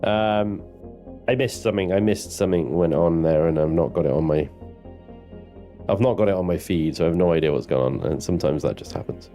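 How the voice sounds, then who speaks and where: A male streamer talks through his game live, joking and swearing with his chat. His voice sits on the low side. Soft music plays quietly underneath. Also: brisk. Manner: chatty, swearing, banters with chat. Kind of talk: live gameplay commentary.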